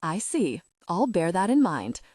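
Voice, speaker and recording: A woman's voice: lowish voice, sing-song, measured pace, a little mellow, dry recording, studio quality. A woman voicing a sarcastic, clipped male bank manager in an audiobook. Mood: cold, sarcastic. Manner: scathing, clipped.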